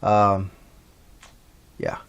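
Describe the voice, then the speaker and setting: A man's voice: deep voice, flat delivery, extremely slow, vocal fry, muffled recording, slight background noise. A man giving a recorded online lecture as an instructor, talking casually with many fillers and restarts.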